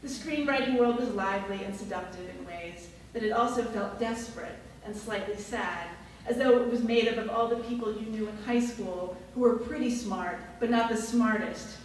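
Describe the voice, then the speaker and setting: A woman's voice: fairly high pitch, moderate pace, hardly any pauses, distant mic, slight background noise. Woman reading from afar in an echoey room. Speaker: storyteller. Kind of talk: reading a personal essay aloud to an audience. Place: library reading room at a live event.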